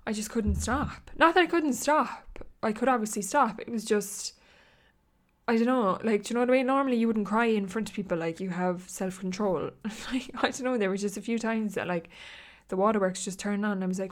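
A woman's voice: mid-range voice, brisk. A young Irish woman in her twenties talking in a loose, casual chat. She rambles and fills her sentences with "like", breaking into short laughs as she goes. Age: 20s. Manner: chatty and rambling, peppered with "like", laughs often.

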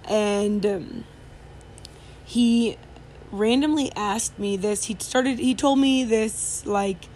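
A woman's voice: medium pitch, slow pace, a little mellow. A woman telling a story in casual chat, rambling with many fillers and restarts, over faint background noise.

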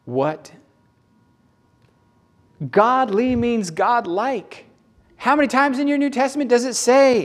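A man with a Southern American accent preaching a sermon in an animated, playful, emphatic way. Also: very high-pitched, unhurried, pauses often.

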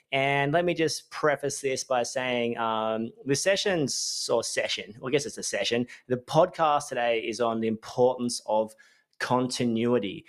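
An Australian man in his thirties hosts his own podcast. He rambles cheerfully and corrects himself as he goes, at a middle pitch. His delivery is relaxed, upbeat and chatty. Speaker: business coach and podcast host. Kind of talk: casual solo podcast talk.

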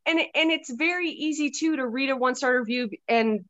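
A woman author talking candidly on a podcast, swearing freely and breaking into animated outbursts. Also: high voice, a little fast, no room sound, dull audio. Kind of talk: casual podcast chat.

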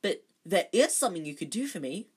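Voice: medium pitch, big pitch swings, normal speed, fairly bright tone, husky. A reader voicing an old male ghost who speaks eagerly and formally.

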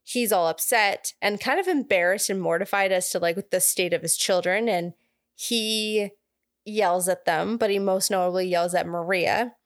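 A young woman co-hosting a podcast casually recaps a film's plot, laughing and tossing in asides. Her medium-pitched voice moves at a moderate pace, recorded with clean studio sound and no echo.

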